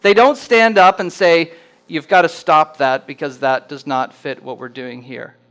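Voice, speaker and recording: A man preaching a sermon, earnest and plainspoken, slowing down to read scripture aloud with rising emphasis. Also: on the high side, steady tone, a bit bright, clear, resonant tone, poor audio. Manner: reads scripture slowly and deliberately, rising for emphasis. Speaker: pastor.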